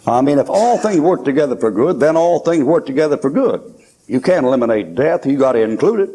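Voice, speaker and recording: A man's voice: mid-range voice, warm tone. An older man preaching a sermon in a folksy storytelling way, telling stories from his own life. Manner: folksy storytelling preaching, acts out quoted voices. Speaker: pastor.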